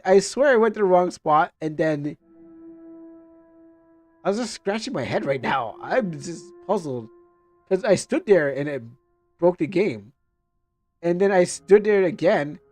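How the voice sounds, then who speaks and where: A man commentating live on a game he plays, excitable and puzzled, swearing now and then. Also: high voice, no echo. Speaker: streamer.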